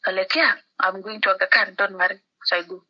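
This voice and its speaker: A Kenyan woman tells a story on a phone call and acts out everyone she quotes, with Swahili words slipping in. Her voice is very bright and sharp, and it sounds a little muffled through the line. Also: mid-range voice, quick pace. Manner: animated storytelling, acting out the people she quotes. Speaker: podcast guest. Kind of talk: casual chat over a phone call.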